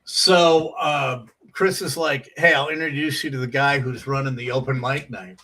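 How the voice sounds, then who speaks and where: A comedian telling animated stories from his years on the comedy circuit, acting out the voices of people in them. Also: medium pitch, normal speed, distant mic, a little hiss or hum, low-quality recording. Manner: animated storyteller, acts out quoted voices. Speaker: comedian guest. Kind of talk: casual storytelling.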